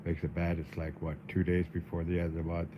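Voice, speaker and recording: A man livestreaming in a casual, halting way, dizzy and weak, often repeating his words. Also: low voice, completely flat delivery, dull audio, background noise. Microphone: phone.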